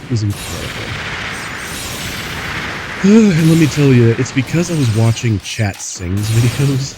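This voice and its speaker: Slow, gravelly, goofy male streamer. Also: mid-range voice, sing-song, over music. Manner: goofy, giggly, rambling. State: tired from poor sleep. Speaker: streamer host. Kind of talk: casual chat while gaming.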